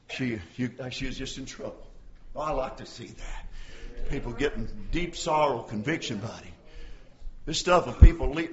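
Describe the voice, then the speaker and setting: An older man preaching a folksy sermon, calling out to his congregation by name and swinging between quiet storytelling and shouting. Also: medium pitch, muffled recording.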